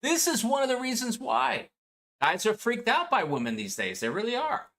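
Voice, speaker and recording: A man's voice: extremely high pitch, very animated, normal speed, creaky, sharp tone. A man streaming, reacting to clips in a chatty, laughing way with sing-song asides. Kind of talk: casual reaction chat.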